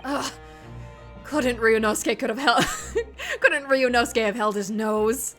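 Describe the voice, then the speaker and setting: A woman with a bright, crisp voice, talking through a story game she is playing. She speaks slowly, gets excitable and laughs and swears freely. Faint game music runs underneath. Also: fairly high pitch. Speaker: let's play gamer. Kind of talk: gameplay commentary, reading dialogue aloud.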